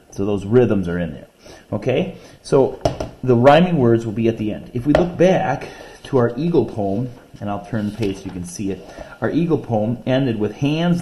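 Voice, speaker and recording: A man's voice: on the low side, mellow, a little hiss or hum. A man teaching a reading lesson, patiently explaining poems step by step and counting out syllables. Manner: reads poems slowly and deliberately. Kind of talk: recorded classroom reading lesson.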